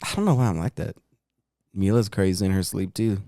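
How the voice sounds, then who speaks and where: A man's voice: deep voice, brisk, mellow, no echo, clean studio sound. A man co-hosting a couples podcast in casual chat, rambling easily and often apologizing. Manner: easygoing, apologetic, rambling with fillers. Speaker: podcast co-host.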